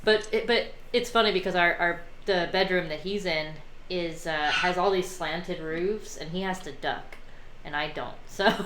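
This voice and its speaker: A woman's voice: lowish voice, moderate pace, a bit bright, a little hiss or hum. A woman hosting a casual video call chat, laughing often, on a home computer mic. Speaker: host. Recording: echoey room with chatter behind.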